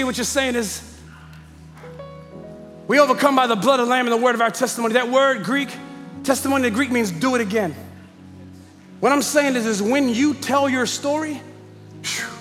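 A man's voice: very high voice, fairly bright tone. A man preaching a sermon, calling out to his congregation with rising intensity, recorded live in a large church hall. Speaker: pastor.

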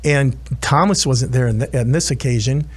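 A man's voice: medium pitch, moderate pace, husky. A man preaching as a chaplain, retelling a scripture story earnestly with frequent restarts and asides. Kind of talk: sermon.

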